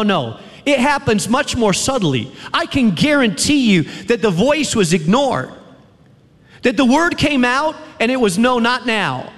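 A man preaching with a high, animated voice that rises and drops sharply. He drives his points home through repeated refrains and long dramatic pauses. His voice rings with the long reverb of a large chapel hall. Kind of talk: sermon to a chapel audience.

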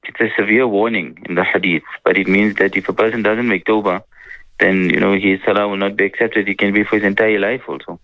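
A man, a mufti, answering religious questions in a relaxed radio chat and telling stories that act out the people he quotes. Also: fairly low pitch, fast, no echo, dull audio. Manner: relaxed storytelling, acts out quoted people with slang.

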